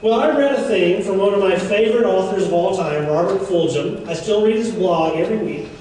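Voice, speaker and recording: A man's voice: sits high, fairly quick, a little mellow. A man giving a seminar talk, chatty and joking with playful asides. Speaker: seminar speaker. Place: event room. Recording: echoey room, mic far off.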